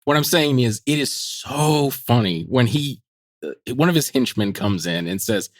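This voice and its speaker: A man's voice: mid-range voice, a little slow, no echo. Man, podcast co-host, casual movie chat, mocking, laughing, dry sound. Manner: animated, laughing, mocking quotes.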